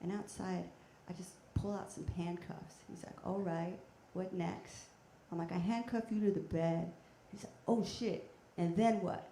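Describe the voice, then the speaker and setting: A woman performing a stand-up comedy set on a theater stage with a handheld mic, talking in a deadpan, chatty way with bursts of loud shouting. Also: on the low side, a little slow. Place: theater stage before a live audience. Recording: echoey theater with faint noise.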